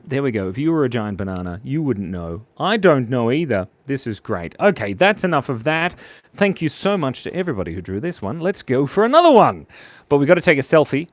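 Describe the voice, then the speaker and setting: A man's voice: mid-range voice, big pitch swings, a little fast, dry recording. An Australian man hosting a playful live drawing stream for kids, joking with viewers as he draws. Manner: playful, jokey, chatting to viewers while drawing. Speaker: art stream host.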